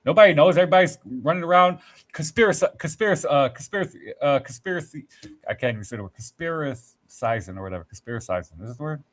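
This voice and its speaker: A man's voice: on the high side, lively intonation, fast. Profane, rambling man telling stories. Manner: rambling, profane storytelling with acted-out quotes. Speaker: podcast host. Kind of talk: casual podcast chat.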